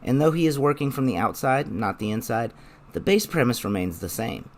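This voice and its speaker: A young man narrating a scripted video essay in a measured, explanatory way. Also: mid-range voice, expressive, a little hiss or hum.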